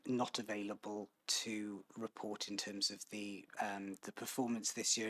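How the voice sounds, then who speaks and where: A man answering a councillor's question in a formal council committee meeting, measured and hesitant with many pauses and restarts. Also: fairly low pitch, a bit bright, no room sound, rough recording.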